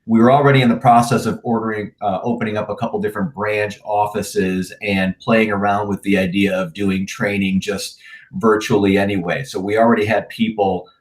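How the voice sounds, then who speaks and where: Low-voiced man on a video call. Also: brisk. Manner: relaxed, plain-spoken, frequent "uh" and restarts. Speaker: managing partner of an insurance agency. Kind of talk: casual remote interview.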